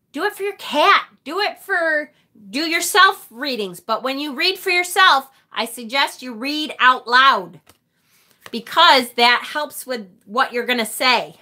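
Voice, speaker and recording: A woman's voice: high voice, sharp tone. A woman hosting a live tarot stream, talking casually and animatedly with the occasional mild swear.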